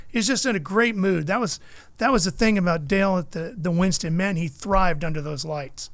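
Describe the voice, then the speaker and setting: A middle-aged man tells a lively story as a guest, acting out every voice in it. His voice sits high and has a gravelly edge. The recording is dry and close. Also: fast talker, no echo. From California. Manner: animated storyteller, acts out quotes. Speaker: motorsports broadcaster, guest. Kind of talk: storytelling in casual chat.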